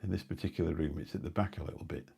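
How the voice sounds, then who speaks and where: Low gravelly middle-aged man rambling. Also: racing, dark tone. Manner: rambling anecdotal storytelling with dry asides. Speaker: live-stream host. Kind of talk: casual rambling chat. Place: indoors at home. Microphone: new phone or mic on a live stream.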